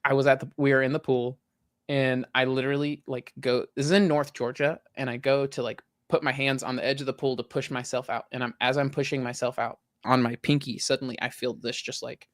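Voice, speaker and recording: Animated, chatty man on a podcast. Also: mid-range voice, fairly quick, no room sound, clean studio sound. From Southern US. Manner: animated storyteller, many "like" fillers. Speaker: podcast co-host. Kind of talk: casual chat.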